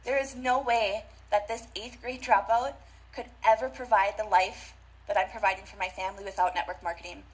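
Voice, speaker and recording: A woman's voice: medium pitch, steady tone, a little fast, a little hiss or hum, low-quality recording. A young adult woman giving an emphatic motivational talk at a conference, repeating key phrases and speaking straight to the audience. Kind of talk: motivational speech. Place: conference stage.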